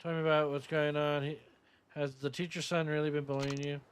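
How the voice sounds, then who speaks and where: A man's voice: a little high, little pitch movement, fairly quick, close to an everyday voice. A man voicing a stern, protective grown man who looks after orphans, reading the game's subtitles aloud over a hiss. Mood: firm.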